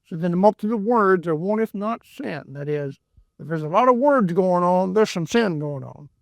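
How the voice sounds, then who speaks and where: A man's voice: high voice, animated, moderate pace, creaky, no echo, clean studio sound. A man teaching a Bible book verse by verse in a folksy, rambling way, often repeating words and adding asides. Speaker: preacher.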